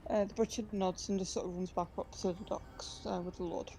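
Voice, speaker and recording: A woman narrating a tabletop game as game master, hesitant with many pauses and restarts. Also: mid-range voice, little pitch movement, creaky, warm tone, a little hiss or hum.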